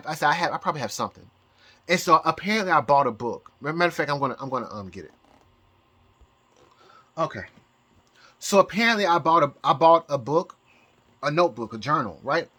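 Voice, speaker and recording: A man's voice: fairly high pitch, pushed and bright. A man vlogging from home in a rambling casual monologue, stumbling over repeated words and restarting sentences. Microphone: camera mic, showing objects.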